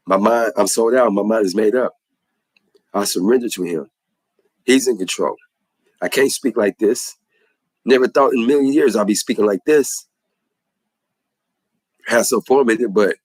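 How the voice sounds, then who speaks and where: A man's voice: on the low side, slightly rough, dry recording, rough recording. A man giving an impassioned religious testimony in a preacherly way, repeating phrases for emphasis.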